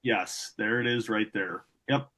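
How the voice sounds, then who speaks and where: A man's voice: fairly low pitch, unhurried, bright, forceful tone. A man co-hosting a sports betting podcast in casual chat, wry and teasing. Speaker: podcast co-host.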